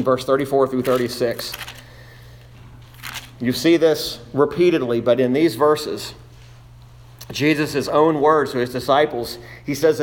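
Earnest male pastor preaching. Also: mid-range voice. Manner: earnest, reads scripture in King James wording. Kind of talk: sermon.

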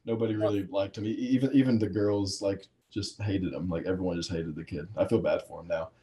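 A man's voice: low-pitched, steady tone, fairly quick, mellow. A man in his twenties hosting a podcast, telling a rambling story with a lot of laughter. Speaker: podcast host. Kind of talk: casual chat.

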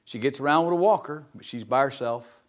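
A man's voice: medium pitch, brisk. A middle-aged man preaching in church, telling a personal testimony in a folksy way and calling for amens. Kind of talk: sermon testimony.

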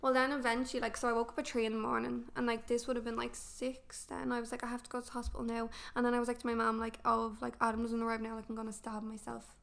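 Woman, 20s, brisk and slightly high, candid and sweary guest storyteller. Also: monotone, vocal fry, fairly bright tone. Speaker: podcast guest. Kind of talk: casual chat.

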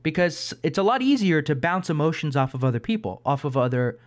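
A man hosting a casual chat, talking in an animated way and working through examples. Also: fairly high pitch, fairly quick.

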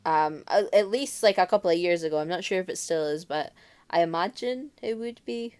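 Woman, podcast co-host, slightly low pitch, casual playful chat. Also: a little fast, darkish tone, clean tone. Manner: chatty, playful, trails off with fillers.

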